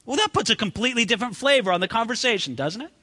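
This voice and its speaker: A man preaching a sermon in an animated way, acting out the voices in the story he tells. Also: very high voice, racing, in a large hall. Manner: animated, acts out quoted voices.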